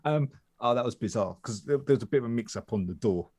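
A man's voice: mid-range voice, expressive, fast, darkish tone, breathy edge. A man, co-hosting a casual chat and rambling through anecdotes. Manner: rambling anecdotes with many fillers and restarts. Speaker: podcast co-host.

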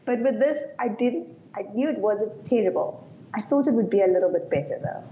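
A woman's voice: fairly high pitch, animated, a little fast, dull audio, a little hiss or hum. Wry woman in an echoey room. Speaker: podcast co-host. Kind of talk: casual movie review chat.

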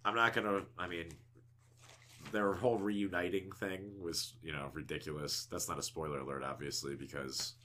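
A man's voice: low voice, steady tone, moderate pace, bright, forceful tone, a little hiss or hum. A man co-hosting a casual podcast chat, swearing freely and laughing often. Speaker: podcast co-host.

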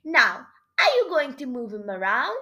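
Woman voicing an excited young girl mouse, loud exclaims, high, storybook reading. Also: normal speed, exaggerated voice.

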